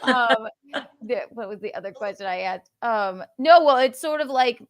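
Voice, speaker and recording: A woman hosts a podcast in a loose, playful chat with a somewhat high voice. She giggles often and slips into silly quoted voices as she talks. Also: lively intonation, moderate pace. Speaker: podcast host. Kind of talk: casual chat.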